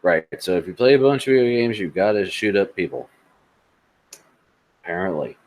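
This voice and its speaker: A man's voice: low-pitched, lively intonation, normal speed, darkish tone, rough recording. A man co-hosting a casual tech podcast, blunt, sarcastic and profane in his remarks. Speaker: podcast co-host.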